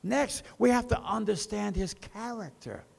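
A man preaching a sermon as pastor, with slow emphasis that rises and falls. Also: high voice, vocal fry.

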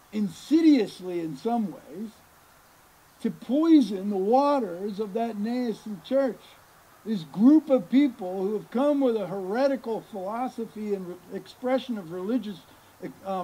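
A man's voice: sits high, mellow, husky, low-quality recording. A man preaching a sermon as pastor, emphatic, stressing words by repeating them and putting questions to his listeners. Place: outdoors.

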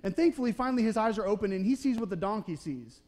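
A man with a high voice preaches a sermon in a church sanctuary. His delivery is casual and chatty. He keeps asking the congregation "okay?" and "right?" as he retells the story. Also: animated, quick pace, darkish tone. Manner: conversational preaching, often checking in with "okay? right?"; acts out the Bible characters' voices in short quotes. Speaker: pastor.

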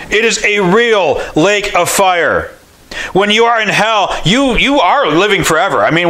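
A man preaching a revival sermon, impassioned and folksy, rising to shouts on repeated phrases. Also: high voice, poor audio. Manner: folksy and conversational.

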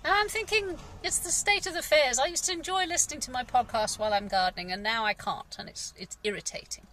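English woman, middle-aged, gardener, frank rambling vlog, sighs, fairly high voice, bright tone. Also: fast talker, a little hiss or hum. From England. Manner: rambling, frank, sighing, swears. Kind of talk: casual personal vlog monologue.

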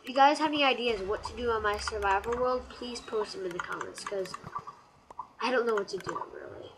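Woman gamer, fairly high voice, casual let's-play chatter with frustrated shrieks; heavy keyboard typing noise on the mic. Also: fairly quick. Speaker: gameplay commentator. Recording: loud keyboard clatter. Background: keyboard typing clicks.

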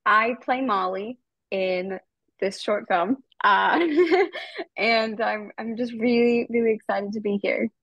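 A woman's voice: medium pitch, steady tone, slow, fairly bright tone, no echo. A woman, an actress in the film, speaking eagerly and a bit shyly on a video call. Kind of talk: casual video call chat.

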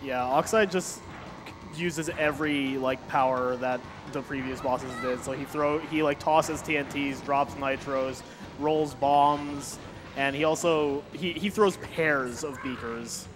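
A man chiming in as co-commentator on a speedrun, chatty and adding quick remarks. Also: medium pitch, steady tone. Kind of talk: casual live commentary. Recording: clear music playing behind.

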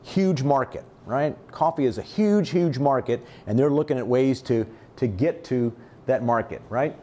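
Lively man teaching with constant "right?". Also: mid-range voice, measured pace. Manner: lively, rhetorical, constant "right?" check-ins. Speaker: high school math teacher. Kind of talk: test-prep lesson.

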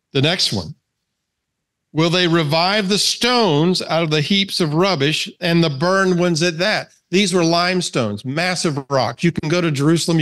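Scripture readings and questions for the listeners fill this relaxed, conversational men's Bible study taught by a man with a Southern American accent. His voice is on the high side with a fairly bright tone.

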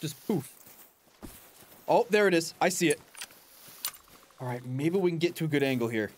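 Chatty animated young man gaming. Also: fairly high pitch, normal speed, slight background noise. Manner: chatty, animated, talks to his in-game dog, laughs often. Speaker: gaming channel host. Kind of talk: casual gameplay commentary.

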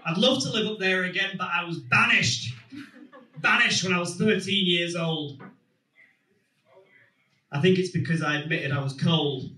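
A young man from Manchester with a Manchester accent doing a stand-up comedy set, animated and swearing freely. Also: sits high, normal speed, pauses often, roomy sound, far from the mic, noisy background. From England. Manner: animated, swears freely, shouts put-on voices. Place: comedy club stage.

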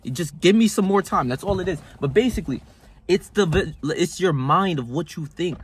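Husky, slangy young man ranting. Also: high voice, expressive, normal speed. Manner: slangy, swearing, restless restarts. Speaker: vlogger. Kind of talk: casual motivational monologue. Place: hot room.

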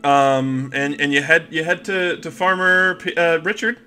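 A man's voice: fairly high pitch, flat delivery, measured pace, pushed and bright, soft background music. A man narrating as game master of a tabletop game, rambling and laughing with many restarts.

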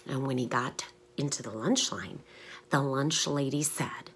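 A woman teaching young children through short stories, asking them questions and pausing for their answers. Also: a bass voice, slight background noise. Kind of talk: storytelling lesson for young children.

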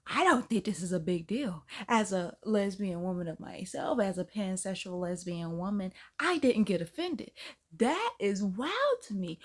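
A woman's voice: a little slow, slightly rough. A woman from North Carolina, hosting a casual reaction video and reacting in a sassy, incredulous way. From North Carolina, US South. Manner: animated, sassy, swoops up high when incredulous. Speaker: reaction channel host.

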